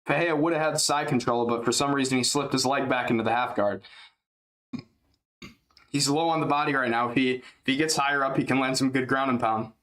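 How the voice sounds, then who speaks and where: A man giving casual, rambling live play-by-play commentary on a fight, chatty and jumping up in excitement at big strikes. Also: medium pitch, brisk. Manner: drowsy and yawning at times.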